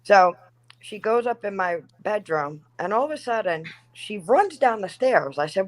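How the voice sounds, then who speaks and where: A woman in casual conversation, telling a haunting story in an animated, profane way and acting out what people said. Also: mid-range voice, normal speed, low-quality recording. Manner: animated, profane, acts out quoted lines. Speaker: guest.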